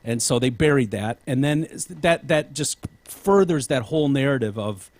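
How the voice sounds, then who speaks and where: A man's voice: mid-range voice, lively intonation, normal speed, slight background noise. A man hosting a podcast in casual chat, rambling with frequent restarts and casual swearing. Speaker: podcast host.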